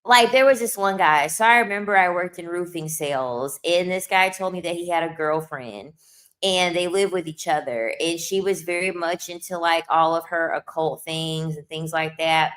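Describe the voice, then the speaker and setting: A woman's voice: lowish voice, moderate pace, a bit bright. A young adult woman talking straight to camera in a casual monologue, blunt and emphatic, repeating lines for effect with sassy asides. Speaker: video creator.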